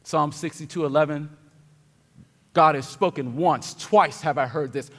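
A man preaching a sermon as pastor, dropping to quiet reflection and then building to loud, emphatic declarations. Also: fairly high pitch, measured pace. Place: church sanctuary. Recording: long hall reverb.

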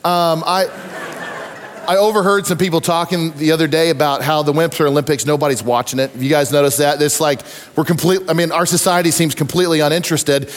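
A man preaching a sermon, telling stories with lively acted-out voices and asides to the congregation. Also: fairly high pitch, brisk, big-room sound, a little hiss or hum. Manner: animated storytelling with acted-out voices. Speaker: pastor.

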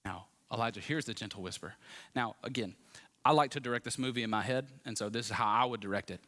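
Bright-voiced male preacher, animated. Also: medium pitch, fast talker. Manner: animated, conversational preaching with asides. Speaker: pastor. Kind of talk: sermon.

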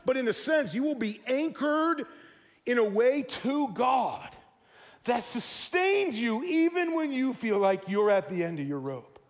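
A man's voice: very high voice, sing-song, unhurried. A man in his forties preaching a sermon to his congregation, who acts out the voices he quotes. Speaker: pastor. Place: church sanctuary. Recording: reverberant church hall.

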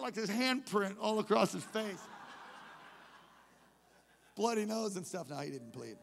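A man preaching a storytelling sermon, his high voice edged with gravelly fry. He swings from hushed, quiet narration up to loud shouts, and the long reverb of a large church hall trails every word. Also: measured pace, long pauses. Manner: animated, building from hushed to shouting. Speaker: pastor. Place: church service.

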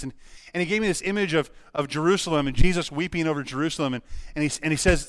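A middle-aged pastor preaching a sermon, telling a personal story earnestly with frequent restarts. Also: male voice, on the high side, brisk, dry recording, clean studio sound.

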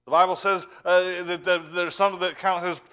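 Fervent bright-voiced male preacher. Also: high voice, little pitch movement, normal speed. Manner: fervent, repeats words and restarts, swings from loud to hushed. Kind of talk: sermon.

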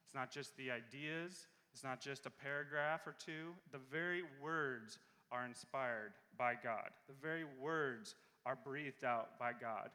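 A man preaching a sermon as pastor in a church, earnest and repeating key phrases slowly for emphasis. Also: mid-range voice, sharp tone, in a large hall. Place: church sanctuary.

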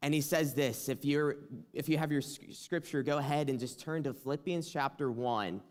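Young male preacher, earnest testimony, slightly higher voice, builds to passionate emphasis. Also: normal speed, a little mellow. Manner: earnest, rising to impassioned emphasis. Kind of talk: sermon with personal testimony.

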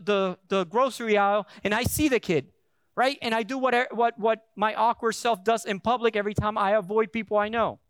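A man's voice: high voice, fairly bright tone, no echo, clean studio sound. A male pastor preaching a sermon, telling a story in a conversational way with frequent restarts, then building to emphatic preaching. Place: church.

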